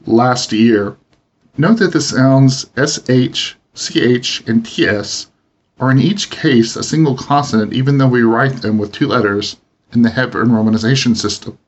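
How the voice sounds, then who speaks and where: Man, husky voice, measured lesson narration, dull lo-fi recording. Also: medium pitch. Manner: measured explanatory reading. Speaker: language teacher. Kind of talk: instructional narration.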